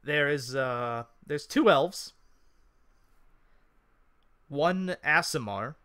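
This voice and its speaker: A man running a tabletop game as game master, narrating in an unhurried way and thinking aloud. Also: fairly high pitch, sharp tone, clean tone, dry recording, clean studio sound.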